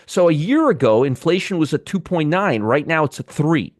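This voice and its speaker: A man's voice: a little high, animated, moderate pace, no echo, clean studio sound. A man hosting a live trading show, giving blunt, sarcastic market commentary and bantering with chat viewers. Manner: blunt, swears freely.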